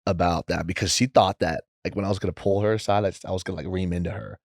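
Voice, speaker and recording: A young man talking as a podcast guest in a rambling, casual way, saying "like" a lot and quoting others in lively voices. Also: sits low, quick pace, gravelly, dry recording, studio quality. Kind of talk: casual interview chat.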